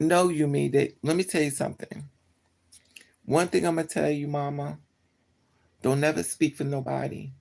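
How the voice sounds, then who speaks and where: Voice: mid-range voice, little pitch movement, normal speed, creaky, pauses often, a little mellow. A livestreamer telling a personal story to live chat in a casual way, talking bluntly with swearing and often repeating and correcting themselves.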